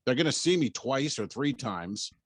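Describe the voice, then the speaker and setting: A man's voice: medium pitch, moderate pace, husky, no echo. A man who is a comedian and podcast host, telling stories in a casual chat, swearing and acting out dialogue. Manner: animated storyteller, swearing, acts out dialogue.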